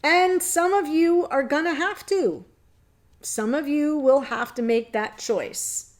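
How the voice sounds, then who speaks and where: A woman's voice: high-pitched, slow pace. A woman giving a tarot reading, talking straight to her viewers in an earnest, emotional way. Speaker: tarot reader. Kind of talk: casual tarot reading to camera.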